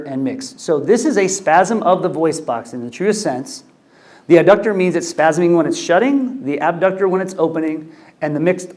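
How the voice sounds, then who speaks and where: A middle-aged man lecturing as a doctor, with a slightly higher pitch than most men. He talks loosely and conversationally, full of ums and false starts. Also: darkish tone. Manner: conversational, many fillers and restarts. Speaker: ENT physician lecturer. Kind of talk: medical lecture.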